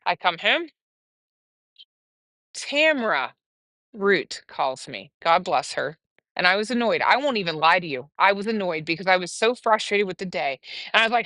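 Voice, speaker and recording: A woman hosting a casual livestream, telling a story in a chatty, animated way with laughs. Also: medium pitch, moderate pace, no echo. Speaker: livestream host.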